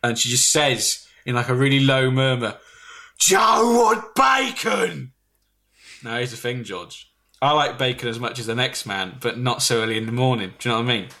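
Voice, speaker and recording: A man telling a rambling comic story on a podcast, jumping into loud put-on voices for the people in it. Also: medium pitch, fairly quick. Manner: animated, shouts and squeals when quoting others.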